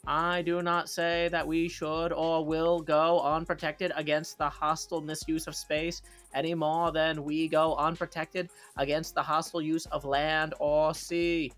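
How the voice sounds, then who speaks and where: Man doing a Massachusetts-accented male politician, slow and declaiming, soft music under. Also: on the high side, level tone. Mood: orating. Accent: Massachusetts (put on).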